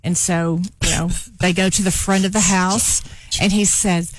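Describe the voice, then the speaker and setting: A woman's voice: on the low side, fairly even intonation, normal speed, no echo. A middle-aged woman co-hosting a talk show, chatting and retelling a TV episode with frequent laughs. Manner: chatty storyteller, laughs often. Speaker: radio show co-host. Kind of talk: casual chat, recapping a TV show.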